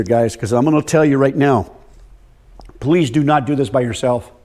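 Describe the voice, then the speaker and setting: Speaking at a medium pitch with a slightly mellow quality, an older man lectures farmers at a workshop on soil health. He mixes stories with rapid questions aimed at the live audience in the room.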